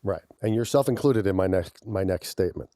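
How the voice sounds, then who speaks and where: A man's voice: deep voice, brisk, dry recording, studio quality. A man co-hosting a podcast in casual chat, with an intense, aggressive-sounding way of talking and frequent laughs. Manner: animated storytelling, laughs often. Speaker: podcast co-host.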